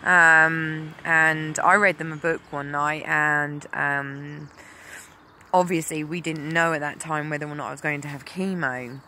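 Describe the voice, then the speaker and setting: Unhurried and fairly even in intonation, a woman from England with a low, sharp-toned voice gives a personal talk to camera about going through cancer as a mother. She's candid and full of ums, and slight background noise is present.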